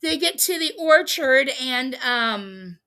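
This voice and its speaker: A woman's voice: sits high, lively intonation, slow, pushed and bright. A woman hosting a livestream, casually recapping a reality show episode, chatty and amused with frequent ums and laughs. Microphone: streaming setup, close mic.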